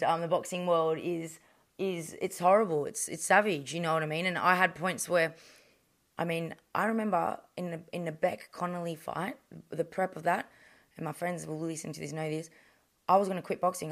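A woman's voice: on the low side, fairly bright tone. Blunt, swearing Australian woman. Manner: blunt, swears constantly, rambling. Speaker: professional boxer, guest. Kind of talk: candid interview chat.

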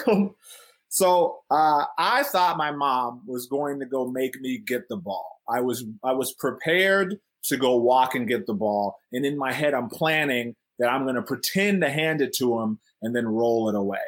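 A man's voice: mid-range voice, lively intonation, a little slow. A man telling a story from his childhood in a casual way. He acts out the people in it, laughs often and fills his talk with "like" and "right?".

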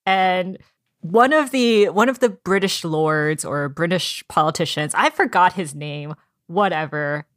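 A woman's voice: fairly low pitch, a little slow, no room sound, clean studio sound. A woman in casual chat about a book, retelling scenes with lots of fillers and acting out the characters' lines. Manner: animated storytelling, acts out characters' lines. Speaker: book discussion co-host.

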